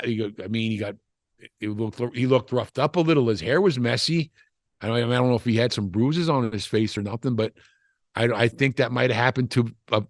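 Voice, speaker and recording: An older man who used to wrestle tells stories in a casual interview, rambling with frequent restarts and "you know" asides. His voice sits in the mid range, and the recording is dry with clean studio sound.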